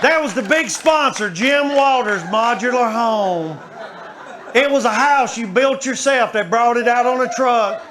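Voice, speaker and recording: High-voiced comedian on stage. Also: male voice, measured pace. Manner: animated, shouting asides to the audience. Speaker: stand-up comedian. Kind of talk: stand-up comedy storytelling. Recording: live show with faint crowd noise.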